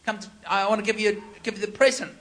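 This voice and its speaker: High-voiced preacher telling a story. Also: male voice, fast talker. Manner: animated, laughing, acts out quotes. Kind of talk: storytelling sermon.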